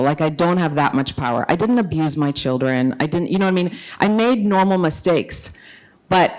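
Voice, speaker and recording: A middle-aged woman speaker answering audience questions at a conference, earnest and encouraging, her voice rising when she stresses a point. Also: on the low side. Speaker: guest speaker.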